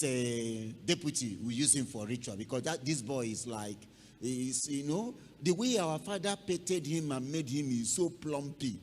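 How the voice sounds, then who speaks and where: A preacher acting out a band of scheming grown brothers, coaxing and rehearsed, in a lively sing-song voice. The sound rings through a long reverberant hall with faint noise underneath. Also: male voice, on the high side. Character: Joseph's scheming adult brothers, speaking together.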